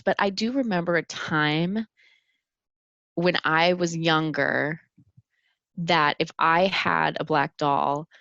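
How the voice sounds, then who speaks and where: A woman's voice: deep voice, fairly bright tone, dry recording, muffled recording. A woman in her thirties from Minnesota hosting a podcast, talking earnestly with many fillers and restarts. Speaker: podcast host. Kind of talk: reflective solo podcast talk.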